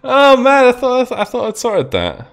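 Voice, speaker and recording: A man's voice: very high voice, huge pitch swings, measured pace, creaky, fairly bright tone, soft background music. A young man hosting a game stream, chatting and teasing a guest in a casual, joking way. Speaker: streamer host. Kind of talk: casual gameplay chat.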